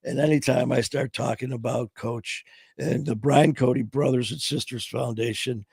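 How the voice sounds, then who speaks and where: A middle-aged man hosting a casual live-stream chat, his voice going hoarse, talking in a loose, heartfelt way full of "man" and "you know". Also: mid-range voice, steady tone, normal speed, a little mellow, dry recording. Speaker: podcast host.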